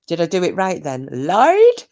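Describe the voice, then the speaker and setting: A woman's voice: sits low, moderate pace. Bawdy woman chatting on a livestream. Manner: cheeky, bawdy, lively banter. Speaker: live stream host reading chat. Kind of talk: casual chat.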